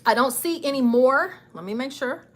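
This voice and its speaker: A woman's voice: sits high, moderate pace, a bit bright. Chatty woman hosting a livestream. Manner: chatty, encouraging, laughs often. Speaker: travel channel host and travel agent. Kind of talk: casual livestream chat to viewers.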